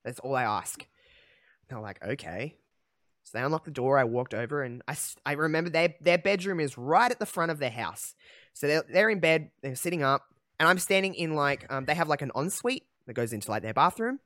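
A young man hosting a podcast, telling a personal story in a candid, emotional way, halting often with fillers. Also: on the high side, expressive, a bit bright, dry recording, studio quality. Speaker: podcast host.

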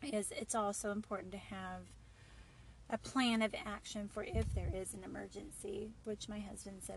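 A woman's voice: mid-range voice, steady tone, normal speed, gravelly, slight background noise, rough recording. A woman hosting her own podcast, talking in an earnest, reassuring way with a few fillers. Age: adult mother of boys. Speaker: podcast host. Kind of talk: encouraging solo podcast talk.

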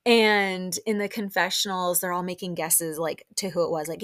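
Woman, podcast host, casual recap, chatty, filler-heavy, slightly low pitch. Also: normal speed, hardly any pauses. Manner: chatty, full of "like" and excited asides.

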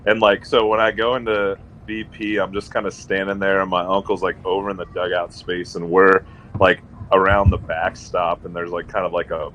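A man's voice: low voice, normal speed, a little hiss or hum, poor audio. A man co-hosting a casual sports podcast, telling stories with lots of "like" and laughing at himself. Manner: animated storyteller, says "like" often, laughs at himself. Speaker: podcast co-host.

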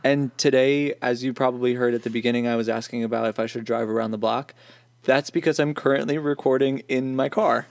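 A man's voice: mid-range voice, fairly even intonation, brisk, creaky, dry recording. A young man co-hosts a podcast from his parked car. His voice sounds dry and close, with no room ring, and he explains things in a loose, chatty way. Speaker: podcast co-host. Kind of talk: casual chat. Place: inside a car.

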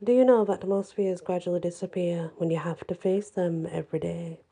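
Soft cold evil fairy lady, a woman reading her lines, mellow husky voice, quietly menacing. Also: on the low side, fairly even intonation, a little fast. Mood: cool menace. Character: cold vengeful female fairy.

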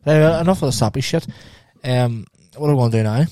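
A man's voice: mid-range voice, quick pace, mellow, no echo. Tired, laid-back man. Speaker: podcast co-host. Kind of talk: casual chat. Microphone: podcast mic.

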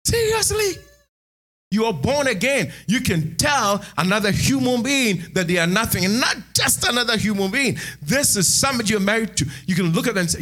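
A man preaching a sermon in church, animated, moving between hushed asides and shouted lines. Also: high-pitched, fairly quick, faint music behind. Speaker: pastor.

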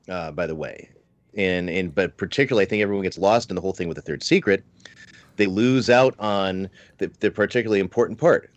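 A man with a low-pitched voice speaks earnestly over a video call, stopping and restarting his sentences. The sound is dry and close, with no room around it. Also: no echo. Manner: earnest, halting, many restarts and fillers. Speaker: panel guest. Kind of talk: casual discussion on a livestream panel.

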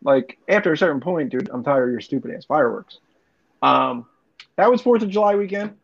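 Young dude rambling and cussing through a story, kinda high voice, dull lo-fi audio. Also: male voice, lively intonation, fairly quick, creaky. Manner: rambling, profane storytelling with laughs. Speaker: podcast co-host. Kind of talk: casual chat. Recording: dull lo-fi recording.

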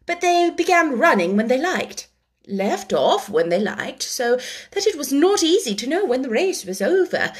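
A woman reading a storybook aloud with an expressive, animated delivery. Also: high-pitched, husky.

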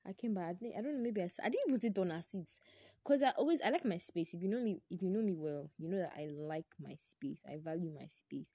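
A young woman with a Nigerian English accent tells a story from her own life on her podcast. Her voice sits low and has a mellow, soft tone. She is lively and exclamatory, and the sound is close and dry. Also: moderate pace, husky, no echo. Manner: animated, exclamatory, repeats herself for emphasis. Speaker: podcast host.

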